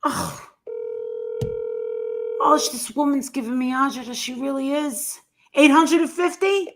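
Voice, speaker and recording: A woman with a New Jersey accent, co-hosting a casual chat, loud and blunt and swearing freely. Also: high-pitched, moderate pace, slight background noise.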